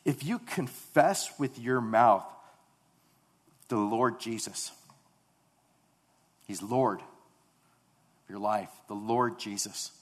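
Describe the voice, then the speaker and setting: A man preaching a sermon, reading scripture and then expounding it with emphatic, repeated phrases that build to loud, fervent passages. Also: mid-range voice, extremely slow, pauses often.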